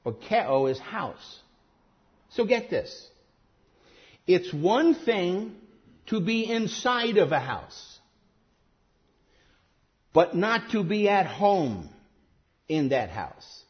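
A man preaching a sermon emphatically, rising to stress key words and then dropping low and quiet. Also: big pitch swings, drawn-out words, long pauses, muffled recording.

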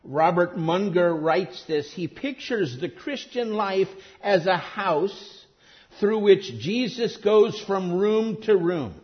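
A man preaching a sermon emphatically, rising to stress key words and then dropping low and quiet. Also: lively intonation, takes it slowly, lo-fi sound.

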